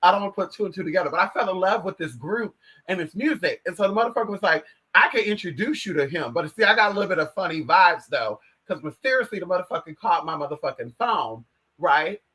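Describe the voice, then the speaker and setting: An American woman vlogging in casual chat, brash and profane, swinging between loud outbursts and low asides. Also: animated, fast talker, slightly rough. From United States. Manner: brash, profane, addresses viewers as girl and bitch.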